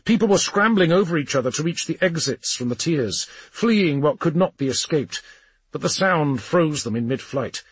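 Husky, expressive male audiobook narrator. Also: a little high, normal speed, dry recording. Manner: dramatic, expressive reading. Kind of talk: scripted narration.

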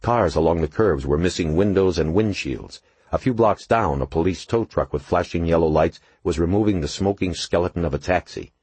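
A man narrating an audiobook in an expressive, measured storytelling manner. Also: low voice, husky, dry recording. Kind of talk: scripted narration.

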